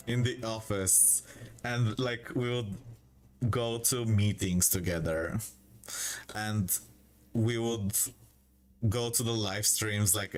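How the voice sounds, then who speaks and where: Male streamer, low voice, slow emotional musing over faint background music. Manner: drawn-out, wistful, reads advice aloud. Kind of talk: emotional livestream chat.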